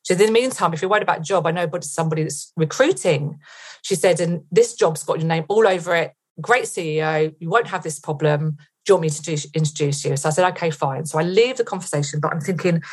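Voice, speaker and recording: Woman telling a vivid story, low voice. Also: animated, quick pace. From England. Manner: vivid retelling with quoted inner thoughts. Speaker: podcast guest. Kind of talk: storytelling in a podcast interview.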